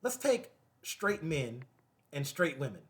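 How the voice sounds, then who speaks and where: Animated man ranting to camera. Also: on the high side, slow. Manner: animated, repetitive, laughing asides. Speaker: show host. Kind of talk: casual commentary to camera.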